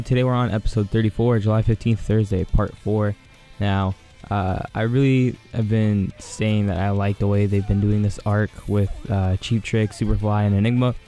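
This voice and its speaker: Low-voiced man rambling through an anime recap. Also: mellow. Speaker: anime reviewer, channel host. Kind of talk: casual episode review.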